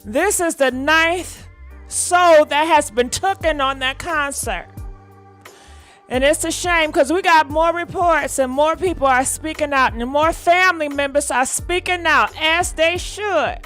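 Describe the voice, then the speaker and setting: A woman's voice: sits high, a little slow, a bit bright, faint music behind. A woman hosting a casual livestream, chatting directly with her viewers as she comments. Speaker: livestream host.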